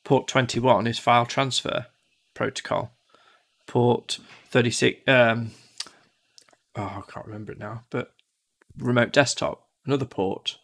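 A man's voice: medium pitch, fairly even intonation, unhurried, vocal fry, fairly bright tone. A man from the UK teaching one-to-one in a casual, chatty way, often acting out devices in silly voices. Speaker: tutor.

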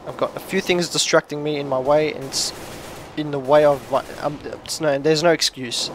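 A man commentating his own shooter gameplay, swinging between frustrated shouts, rants and quiet muttering. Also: fairly high pitch, steady tone, normal speed, a little hiss or hum. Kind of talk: gaming commentary. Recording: game gunfire behind the voice. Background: gunfire from the game.

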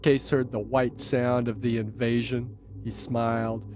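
A man reading his own novel as an audiobook in a measured, even way, heard as dull old tape. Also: medium pitch, soft background music. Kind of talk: audiobook narration.

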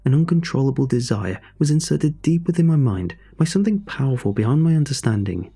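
Dark husky man narrating horror. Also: medium pitch, sing-song, soft background music. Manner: measured, storytelling delivery.

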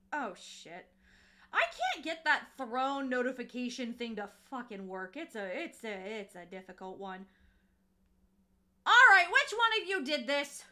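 Bright, high-voiced playful woman streamer. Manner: playful and chatty, swears casually, coos at her cat. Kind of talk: casual livestream chat while crocheting. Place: home.

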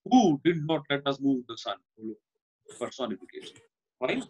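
A man's voice: medium pitch, very animated, moderate pace, a little mellow, breathy edge, low-quality recording. A male teacher with an Indian English accent, giving an online class and explaining by repeating himself and asking "Fine?". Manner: explains by repetition, often asks "Fine?".

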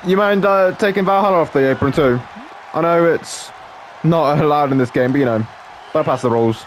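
A man's voice: on the high side, a little fast, a little hiss or hum. A man giving casual, joking let's-play commentary, laughing often and calling people mate. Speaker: gameplay commentator.

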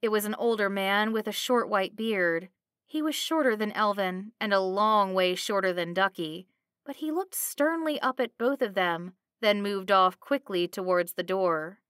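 A woman narrating a fantasy storybook in an even, clear storytelling manner. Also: medium pitch, unhurried, dry recording, studio quality.

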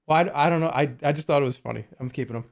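A man in his forties races along in a fairly high, creaky voice. He's casually streaming, joking and swearing with viewers as he assembles a puzzle.

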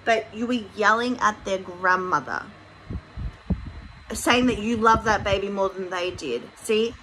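A woman's voice: mid-range voice, a little slow, background noise. A woman hosting a commentary video, criticizing bluntly with some swearing. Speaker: commentary YouTuber. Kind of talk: commentary vlog.

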